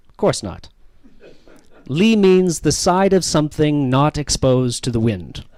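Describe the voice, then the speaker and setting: A man's voice: on the high side, big pitch swings, a little slow, a little mellow, no room sound. A man doing stand-up crowd work, teasing the audience with profane jokes. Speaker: stand-up comedian. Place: comedy venue with live audience.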